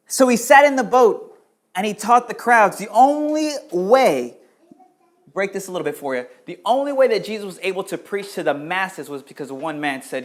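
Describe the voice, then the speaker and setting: A man preaching to his congregation, his voice sitting a little high for a man. He swings between loud, urgent questions and low, quiet stretches. He calls out to listeners by name as he goes. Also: animated, moderate pace. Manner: addresses congregation members by name. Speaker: pastor. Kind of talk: sermon.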